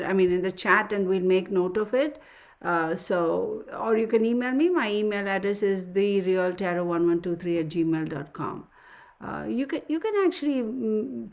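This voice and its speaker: A woman hosts a casual tarot livestream and talks straight to her viewers. She sighs often and mutters her counting under her breath. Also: mid-range voice. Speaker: tarot reader livestream host.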